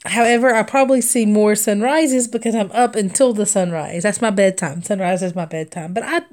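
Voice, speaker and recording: A young woman streaming her crafting talks briskly in a medium-pitched, slightly mellow voice. She rambles casually through stories as she stitches, with lots of laughter and fillers.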